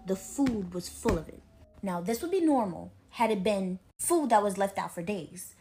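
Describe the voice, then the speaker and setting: A woman's voice: mid-range voice, lively intonation, normal speed, mellow, faint music behind. A woman narrating a creepy folklore story in a chatty, dramatic storytime style.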